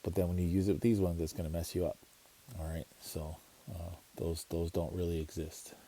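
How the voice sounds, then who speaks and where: A man teaching a language lesson in a relaxed, explanatory way, slowly repeating words to show how they sound. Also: deep voice. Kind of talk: casual screen-share lesson.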